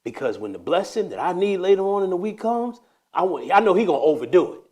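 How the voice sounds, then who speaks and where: A man hosting a casual faith talk, telling a story with animated energy that slides into preaching. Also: high-pitched, fast talker. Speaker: host.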